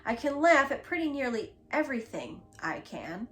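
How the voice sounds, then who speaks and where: A woman's voice: high-pitched, big pitch swings, normal speed, a bit bright, soft background music, pitched above the performer's own voice. A woman reading a storybook aloud, voicing a round, jolly man who is cheerful and apologetic. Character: round, jolly middle-aged man, laughter-prone.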